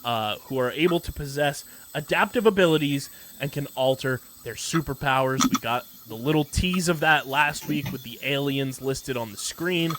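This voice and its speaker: A man's voice: medium pitch, normal speed, hardly any pauses, background noise. Enthusiastic man recapping a TV episode. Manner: enthusiastic, rambling with many "like" fillers. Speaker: podcast co-host. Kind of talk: casual pop-culture podcast chat.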